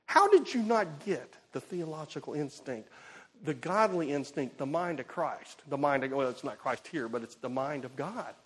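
A man preaching an expository sermon, animated and emphatic, swinging between loud bursts and quiet asides. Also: a little high, moderate pace, slightly rough.

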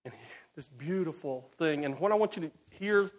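Animated high-voiced male preacher. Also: moderate pace. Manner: animated, emphatic, swings loud and soft. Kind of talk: expository sermon.

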